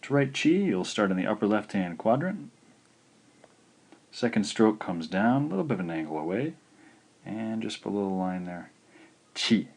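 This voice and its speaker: Man, very low voice, language teacher, patient, slow and clear, recorded video lesson. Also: very animated, darkish tone. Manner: patient, slow, spells out each syllable.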